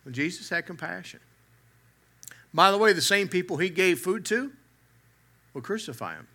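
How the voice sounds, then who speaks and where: A man's voice: high-pitched, animated, moderate pace, bright, forceful tone. A man preaching a sermon from the pulpit, mixing humor with earnest emphasis that swells and drops. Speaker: pastor.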